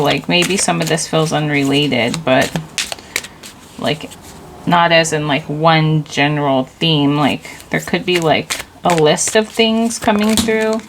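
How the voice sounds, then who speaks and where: A woman reads tarot cards in a relaxed, meandering way, her voice low with a gravelly, fried texture. She talks slowly, drifting between thoughts and filling the gaps with casual filler words. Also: noisy background. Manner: loose and rambling, leaning on "like". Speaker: tarot reader. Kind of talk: casual intuitive tarot reading.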